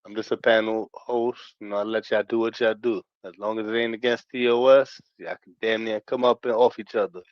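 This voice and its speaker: A man with a low voice hosts a stream panel in an easygoing, unhurried way. His voice comes through dull and lo-fi, and the sound is dry. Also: steady tone, dry recording. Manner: laid-back, easygoing. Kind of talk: casual stream chat.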